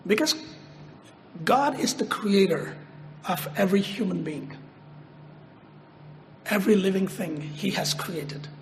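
Male preacher, high voice, slow deliberate delivery, repeats key lines, long hall echo. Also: lively intonation, a little hiss or hum. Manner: slow, emphatic, repeats phrases, rises sharply on quoted prayers. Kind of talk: sermon.

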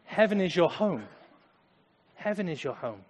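A man preaching a sermon, dramatic, swinging from loud emphasis to hushed tones. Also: high voice, big pitch swings, a little slow, breathy edge, muffled recording. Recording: echoey hall.

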